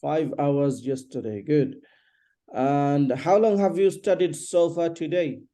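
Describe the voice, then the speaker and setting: A man teaching an English lesson one on one, patiently repeating questions and explaining slowly. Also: a little high, mellow.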